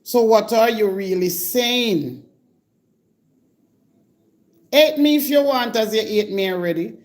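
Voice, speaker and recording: A woman's voice: a little high, lively intonation, slow. Scolding Jamaican woman on a live stream. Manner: scolding, indignant, addresses her target directly. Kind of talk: confrontational live-stream rant.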